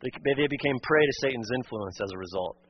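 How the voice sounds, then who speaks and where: A man's voice: medium pitch, expressive, quick pace, lo-fi sound, a little hiss or hum. A male pastor preaching a sermon in an earnest, emphatic way, repeating his key points.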